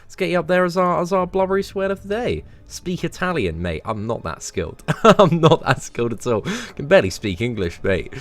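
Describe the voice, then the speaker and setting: A young man giving casual, animated commentary on a game live stream, full of slang and talking to his viewers as mates. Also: on the high side, a little fast, hardly any pauses. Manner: animated and chatty, heavy slang, calls viewers mate and lads.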